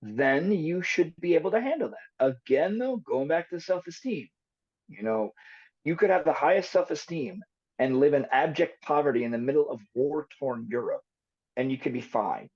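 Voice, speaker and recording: A man, a psychologist guest on a podcast, explaining therapy with animated, storytelling delivery. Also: a little high, normal speed, slightly rough. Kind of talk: podcast interview. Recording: dull lo-fi recording.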